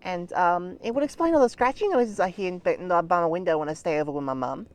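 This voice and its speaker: A man's voice: sits high, lively intonation, a little fast. A man voicing a rambling, easily sidetracked young boy puppy in a plush-toy comedy parody. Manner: rambling, forgetful storytelling.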